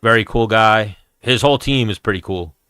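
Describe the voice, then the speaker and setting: A man's voice: lowish voice, normal speed, bright, forceful tone, clean tone, no room sound, studio quality. Blunt, profane New man. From New York, USA. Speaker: MMA show host answering chat. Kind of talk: casual live-stream chat.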